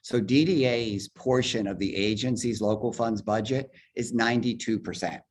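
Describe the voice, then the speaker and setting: A man heading an agency, walking a virtual public forum through budget figures step by step on a video call, talking fast and explaining as he goes. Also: lowish voice. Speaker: agency head presenting a budget. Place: virtual meeting, speaking from home or office.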